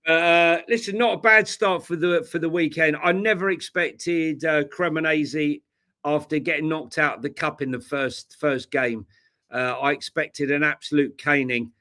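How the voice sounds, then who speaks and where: A man's voice: on the high side, fairly even intonation, normal speed, pushed and bright. A tired man co-hosting a casual football chat, blunt and jokey. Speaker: co-host.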